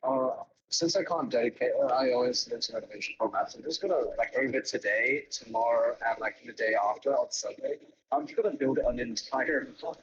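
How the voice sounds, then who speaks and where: A man chatting casually during a gaming session, halting and restarting his sentences, heard through a poor-quality voice-call mic. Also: medium pitch, muffled recording, noisy background.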